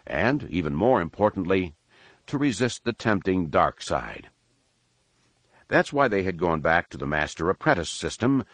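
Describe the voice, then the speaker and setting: Deep-voiced man narrating a novel. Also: no echo. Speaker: audiobook narrator. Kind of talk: scripted narration.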